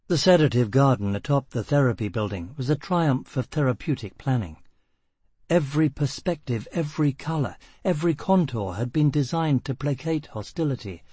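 A man reading a novel aloud as narrator, in a measured, even way. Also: mid-range voice, husky, dry recording. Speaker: audiobook narrator. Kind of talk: scripted narration.

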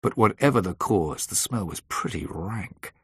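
A man reading a first-person thriller aloud in a measured, dry storytelling manner. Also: deep voice, expressive, husky, no echo. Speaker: audiobook narrator.

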